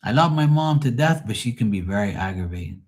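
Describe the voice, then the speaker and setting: A man's voice: lowish voice, expressive, fairly quick, a little mellow. A middle-aged man venting on a live call in a profane, rambling, exasperated way. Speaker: caller on a live tarot stream. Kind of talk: casual venting.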